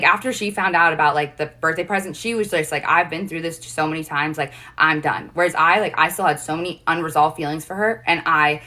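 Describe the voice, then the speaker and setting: A young woman livestreams an emotional personal story, rambling and saying "like" constantly. Her voice is on the low side with a sharp tone.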